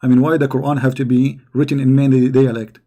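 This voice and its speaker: A man's voice: medium pitch, flat delivery, quick pace, dark tone. A man giving a combative, mocking polemic monologue as a religious debater, speaking in broken English.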